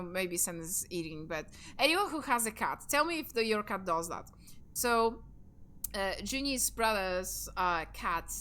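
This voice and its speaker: A woman's voice: on the high side, pushed and bright. A young woman streaming a game, chatting casually in a rambling way and swearing offhandedly. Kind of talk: casual live-stream chat while gaming.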